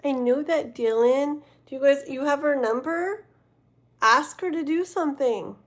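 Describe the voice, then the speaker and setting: A woman's voice: high-pitched, measured pace. Tired, chatty woman reading tarot live. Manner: chatty and rambling, talking to viewers in chat, many fillers and self-corrections. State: tired and yawning. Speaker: tarot reader hosting a livestream. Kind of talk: casual livestream chat.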